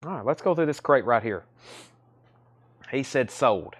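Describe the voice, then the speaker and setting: A man's voice: mid-range voice, lively intonation, a little slow, slightly rough. A man hosting a live-stream record sale, talking in breezy, joking sales patter with repeated catchphrases.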